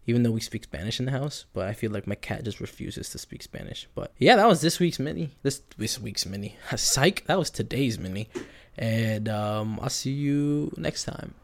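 A young man in his twenties hosts a solo podcast and tells a story in a loose, rambling way, often restarting his sentences. His voice sits a little low and has a gravelly, creaky edge. He speaks into a podcast mic at his home computer. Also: fairly quick. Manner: rambling, animated, with frequent restarts. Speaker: podcast host. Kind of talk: casual storytelling monologue.

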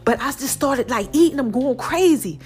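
Breathless high-voiced woman podcast host. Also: expressive, moderate pace. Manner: chatty, slangy, calls listeners y'all and child. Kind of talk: casual monologue to listeners.

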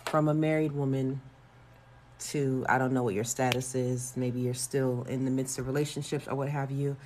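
A woman leaving a voicemail with measured, instructive advice. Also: extremely low pitch, flat delivery, darkish tone, slight background noise. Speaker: voicemail caller.

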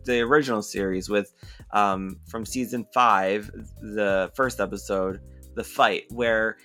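A man with a bright, forceful voice chats casually about a TV episode. He keeps breaking into laughter as he retells the scenes. He sounds amused and talkative. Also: lowish voice, fairly even intonation, unhurried, faint music behind. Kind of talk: casual chat recapping a TV episode.

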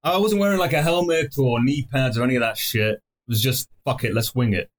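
A man's voice: medium pitch, brisk. A young man from Mexico trades stories on a casual podcast and drops swear words into almost every sentence. His talk is loose and rambling, and his voice sits in an everyday middle range. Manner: swears constantly, rambling anecdotes.

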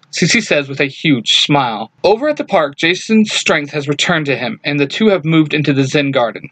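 A young man reading a fan story aloud, lively, shifting his voice for each character. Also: on the high side, moderate pace, hardly any pauses, no room sound. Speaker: fan fiction reader.

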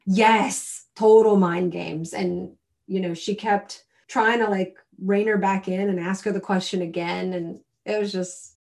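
Chatty, animated woman podcast co-host. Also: medium pitch, unhurried, vocal fry. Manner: chatty, animated, laughs often. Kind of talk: casual chat.

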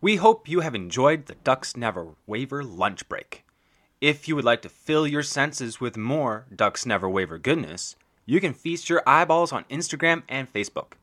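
A man's voice: medium pitch, sing-song, moderate pace, a bit bright. Playful mock-grand male outro reader. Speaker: podcast host reading the outro. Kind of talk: scripted outro read.

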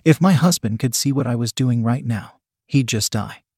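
A man's voice: medium pitch, moderate pace, a little mellow, husky, no echo, studio quality, natural voice. Man reading as a guilty married woman. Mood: breathless. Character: adult married woman, guilty yet eager. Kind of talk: erotic audio story reading.

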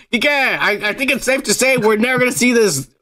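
A man's voice: extremely high pitch, bright, forceful tone. A man co-hosting a podcast, swearing, laughing and riffing loosely on the news while drinking. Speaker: podcast co-host. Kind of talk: crude casual chat.

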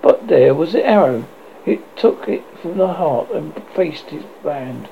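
A narrator reading a storybook aloud, halting now and then with restarts, in a dull lo-fi recording. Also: mid-range voice, animated, gravelly, a little hiss or hum.

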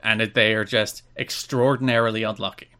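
A man's voice: lowish voice, fairly even intonation, fairly quick, fairly bright tone. A man with an Irish accent co-hosting a podcast, reading out news items and then riffing on them casually. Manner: reads news items then riffs loosely. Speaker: podcast co-host. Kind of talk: casual chat.

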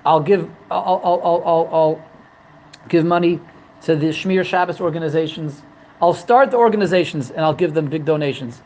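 A man's voice: fairly high pitch, normal speed, darkish tone, muffled recording, slight background noise, natural voice. A man voicing a condemned man who pleads for mercy and piles up promises to repent. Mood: pleading.

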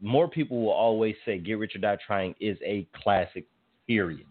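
Low-voiced dude on a radio show, hyped and slangy, sounds like he's on a phone. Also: normal speed, phone-quality sound. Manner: excitable, slangy, emphatic. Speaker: podcast co-host. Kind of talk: casual radio chat.

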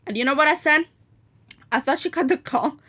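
Animated, swearing young woman ranting. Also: sits high, brisk. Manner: animated, swears freely, mimics others; switches to Cantonese when quoting. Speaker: vlogger. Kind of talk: casual ranting vlog.

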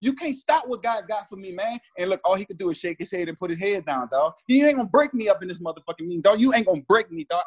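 A man in his thirties, a former pro football player, telling a heated story in slangy, emphatic casual talk and acting out what others said. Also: high-pitched. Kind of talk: animated storytelling chat.

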